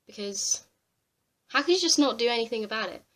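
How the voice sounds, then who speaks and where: A young woman ranting to camera on a vlog, exasperated and swearing freely with animated outbursts. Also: on the high side, fairly quick. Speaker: vlogger. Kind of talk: ranting commentary.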